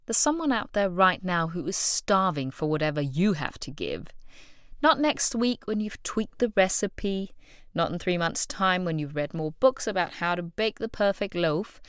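A woman's voice: mid-range voice, smooth, no room sound, studio quality. A woman hosting a solo motivational podcast, telling stories expressively and acting out the voices of people she quotes. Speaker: podcast host.

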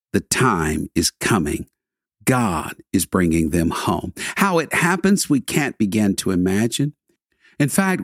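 A man preaching a sermon in an earnest, measured way, slowing for dramatic pauses and dropping to a soft hush at tender moments. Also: lowish voice, dry recording, studio quality.

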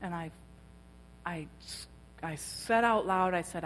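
In a large hall with long reverb, a woman shares her personal testimony as a sermon for a women's church gathering. She speaks slowly in a voice on the low side, telling her story and imitating others, with a slight background noise present.

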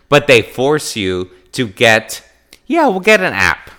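A man from Wisconsin hosting a podcast, talking in an animated, emphatic casual monologue and acting out quoted exchanges. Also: medium pitch, slow pace. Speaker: podcast host.

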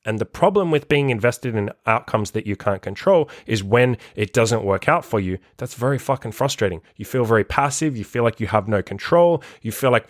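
A man's voice: medium pitch, lively intonation, brisk, few pauses, dry recording, clean studio sound. A man hosting a solo motivational podcast as a life coach, talking bluntly and emphatically and swearing freely.

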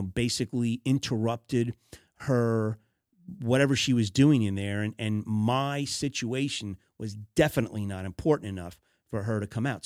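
A man's voice: medium pitch, no echo, studio quality. A man hosting a business advice podcast, talking conversationally with fillers and restarts, exasperated about poor customer service. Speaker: podcast host.

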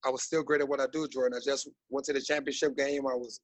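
A man in his thirties, a basketball coach guest on a podcast, talking in an animated, rambling way with many fillers. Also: mid-range voice, quick pace, no echo, poor audio. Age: 30s. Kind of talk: casual podcast interview.

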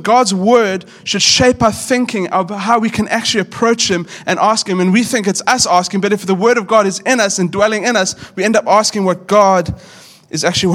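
A pastor in his thirties preaches with a high, light voice. He talks to his people earnestly and casually, often stopping to restart a phrase mid-thought. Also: fairly bright tone. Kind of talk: sermon.

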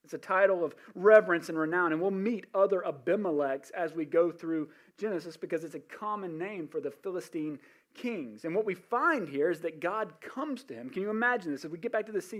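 Man, high voice, preaching, animated storytelling, chatty asides. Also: brisk. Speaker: pastor. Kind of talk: sermon.

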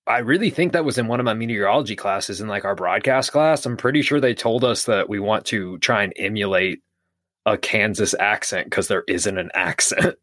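A man's voice: fairly low pitch, normal speed, fairly bright tone, dry recording, clean studio sound. Rambling, opinionated young man. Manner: opinionated, swears casually, rambling. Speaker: podcast co-host. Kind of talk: casual chat.

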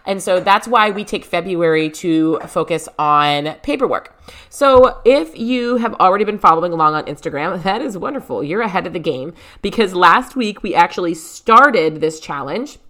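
A woman's voice: lowish voice, animated, moderate pace, fairly bright tone. A woman in her thirties hosting her podcast from home, chatty and upbeat, laughing often as she talks into a podcast microphone. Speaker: podcast host. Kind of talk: casual podcast chat.

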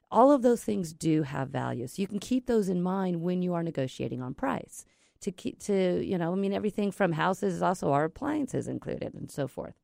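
A woman teaching negotiation in a chatty, rambling way, full of fillers and restarts. Her voice is low and gravelly. The recording is dry and close. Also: dark tone, no room sound. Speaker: negotiation trainer. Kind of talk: casual instructional talk.

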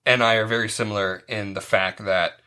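A man's voice: on the low side, fairly even intonation, fairly quick, pushed and bright, clean tone. A man hosting a casual podcast, asking a child questions and explaining things plainly. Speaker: podcast host interviewing a child. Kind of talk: casual chat.

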